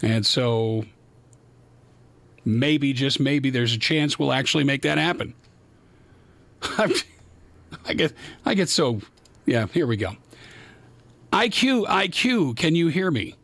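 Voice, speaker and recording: A man's voice: medium pitch, lively intonation, slow pace, pauses often, a bit bright, dry recording. A man hosting a live call-in radio talk show from his studio, rambling and openly exasperated about his equipment. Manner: exasperated, rambling, self-deprecating. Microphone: studio microphone.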